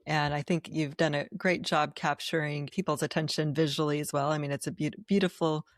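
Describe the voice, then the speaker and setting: A woman's voice: low-pitched, level tone, fairly quick, no room sound, clean studio sound. A woman hosting an interview podcast who affirms her guest and asks long, framed questions. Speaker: podcast host.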